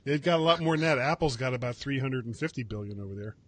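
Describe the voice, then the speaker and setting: A man's voice: medium pitch, expressive, fast, fairly bright tone, dry recording. A man hosting a casual tech news chat, rambling and correcting himself with wry asides. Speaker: podcast host.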